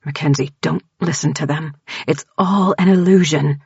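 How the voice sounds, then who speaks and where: A woman doing a hushed insistent stranger man. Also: low-pitched, moderate pace, gravelly, slightly rough, no room sound, dull audio, exaggerated voice. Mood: urging. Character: mysterious man, calm, urgent, manipulative.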